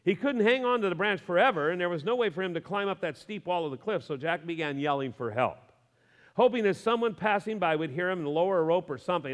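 A male pastor preaching a sermon in a lively, conversational way, with humor and asides to the congregation. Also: high-pitched, fast, long reverb tail.

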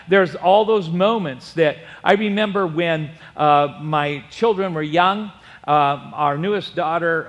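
A middle-aged pastor with a high voice preaches, telling a story from his own life. He builds to loud, emphatic exclamations at the big moments. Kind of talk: sermon.

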